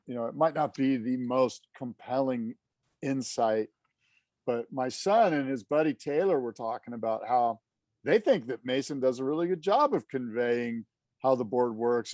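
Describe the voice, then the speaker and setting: Male podcast co-host, loose and rambling chat, mid-pitched, dry close sound. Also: normal speed, no echo. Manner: animated, rambling with fillers. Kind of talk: casual chat.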